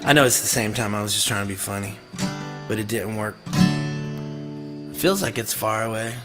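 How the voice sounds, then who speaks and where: A man's voice: fairly low pitch, moderate pace. A man hosting a music live stream, rambling and joking irreverently between songs, with some mild swearing. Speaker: singer-songwriter and live-stream host.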